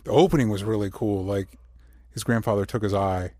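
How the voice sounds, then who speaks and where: A man co-hosting a casual movie review chat, talking eagerly in halting bursts full of fillers and restarts. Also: lowish voice, a little mellow, no echo, studio quality. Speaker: movie review podcast co-host.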